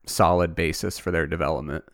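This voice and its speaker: A man co-hosting a podcast, talking casually in a relaxed, dry way. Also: extremely low pitch, fairly quick, no room sound. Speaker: podcast co-host. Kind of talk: casual chat.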